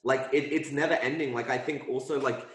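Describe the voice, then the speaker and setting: A man's voice: medium pitch, steady tone, brisk. A man hosting a podcast, earnestly affirming his guest and repeating words as he thinks. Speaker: podcast host. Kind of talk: casual conversation. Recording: roomy echo.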